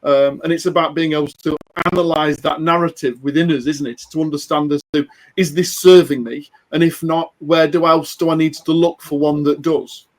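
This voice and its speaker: A man's voice: a little high, fairly even intonation, moderate pace, low-quality recording. A man hosting a podcast, asking earnest questions of his guest. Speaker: podcast host. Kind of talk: interview questions.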